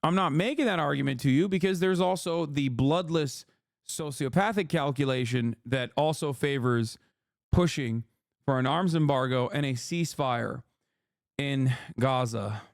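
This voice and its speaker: A man's voice: mid-range voice, moderate pace, creaky, no room sound, studio quality. A political streamer, a man, delivering heated, profane live-stream commentary.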